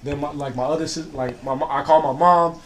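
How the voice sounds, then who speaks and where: A man's voice: a little high, steady tone, fast, fairly bright tone. A young man in casual chat, telling a story in a rambling way, full of fillers and "I was like.".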